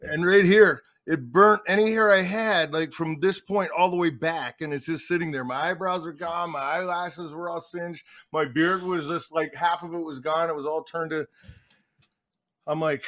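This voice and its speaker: A middle-aged man with a somewhat higher voice tells blunt, rough-edged stories in a podcast studio. He acts out what the other people said as he tells it. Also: normal speed, a bit bright, no echo. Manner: blunt storyteller acting out quotes. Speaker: guest. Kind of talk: casual chat. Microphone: studio mic.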